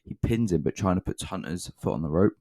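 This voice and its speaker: A British man talks through a wrestling show in a loose, casual review, dropping dry sarcastic jokes between frequent ums. His voice sits low and deep, recorded close and dry with no room sound. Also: expressive, fairly quick, mellow, no echo.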